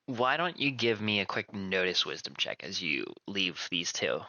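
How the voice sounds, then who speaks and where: A man narrating as game master of a tabletop game, relaxed and descriptive. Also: low-pitched, moderate pace, no echo.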